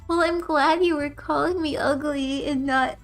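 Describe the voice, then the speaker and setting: A woman's voice: high voice, steady tone, moderate pace, soft background music. A young woman streamer who reads game text aloud and tells rambling stories between lines, laughing often. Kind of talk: casual game commentary and reading.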